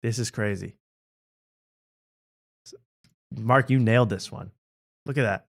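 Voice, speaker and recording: A man's voice: lowish voice, measured pace. A man hosting a late-night show, chatting casually and joking about clips, often laughing. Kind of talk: casual chat reacting to clips.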